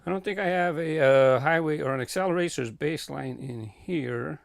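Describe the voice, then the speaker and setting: Out of breath, a man strolls through his toy car collection in a home warehouse room, rambling and thinking out loud with lots of fillers for a casual walk-through vlog. His voice is fairly high and creaky at a moderate pace, recorded with clean studio sound and no echo.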